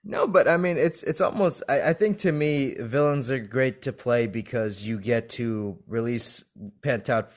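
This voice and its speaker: A man's voice: mid-range voice, a little slow. A man hosting an interview podcast, chatting casually in a jokey, enthusiastic way. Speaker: podcast host.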